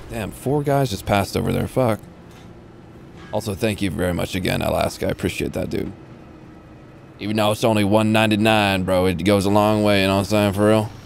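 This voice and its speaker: A man's voice: on the low side, vocal fry, a little hiss or hum. A man casually commentating his own live gameplay, slangy and swearing freely. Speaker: streamer.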